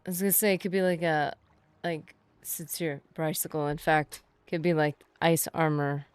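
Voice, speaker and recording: A woman's voice: sits low, fairly even intonation, moderate pace, clear, resonant tone, no echo. Chatty woman streaming a game live. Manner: chatty, playful, talks to viewers. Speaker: gaming streamer. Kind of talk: casual live gameplay commentary.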